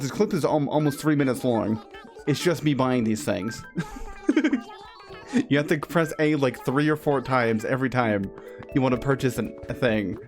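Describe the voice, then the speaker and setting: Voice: medium pitch, a little mellow. A game streamer chatting casually to viewers while playing, rambling and often correcting themselves, with faint game music behind. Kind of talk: casual live-stream commentary over gameplay.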